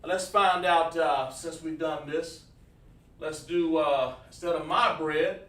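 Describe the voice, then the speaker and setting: Speaking slowly in a fairly high voice, this class instructor runs a livestreamed language lesson from a distance, his words echoing around the room. Easygoing and repetitive, he names and praises students while working through ideas aloud at the board.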